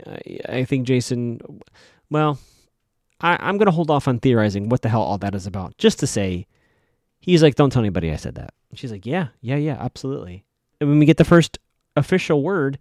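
A man's voice: medium pitch, darkish tone, no room sound, clean studio sound. A man casually recapping a TV episode as a podcast host, chatty and rambling, often correcting himself.

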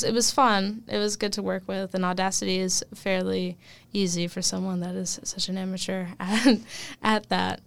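Young woman, student guest, smooth voice with fry, dry close mic, chatty. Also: medium pitch, no echo. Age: young adult. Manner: chatty, many fillers and laughs, animated. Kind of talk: casual interview.

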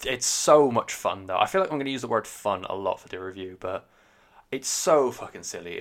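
A man's voice: lowish voice, a bit bright. A man giving a casual spoken album review, rambling, sweary and enthusiastic. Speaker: music reviewer.

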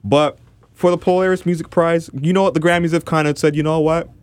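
A man's voice: on the high side, steady tone, a little fast, dry recording. A man from Toronto, co-hosting a casual podcast and ranting passionately with lots of restarts. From Toronto, Canada. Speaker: podcast co-host.

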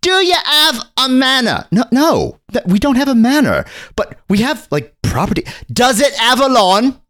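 A man's voice: big pitch swings, normal speed, fairly bright tone, exaggerated voice. A man voicing a small, well-dressed boy who acts as a haughty doorman. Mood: pushy. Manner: haughty, squeaky, condescending. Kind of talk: comedic improvised voice.

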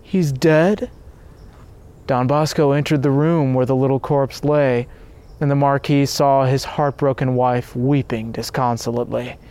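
A man's voice: mid-range voice, level tone, normal speed, dark tone, smooth. A man narrating a saint's life story in an earnest, devotional scripted reading.

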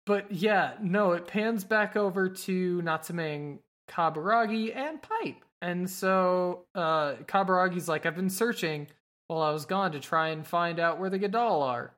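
Recapping an anime on a podcast, this woman co-host speaks at a measured pace in a fairly low, slightly bright voice. She keeps it casual, swears without hesitation, and briefly acts out what the characters say.

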